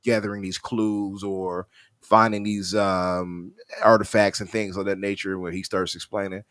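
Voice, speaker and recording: A man co-hosting a gaming podcast, talking in a casual, animated way with restarts. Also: sits low, moderate pace, no room sound. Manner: animated, laughing, trails off and restarts. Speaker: podcast co-host. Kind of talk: casual chat.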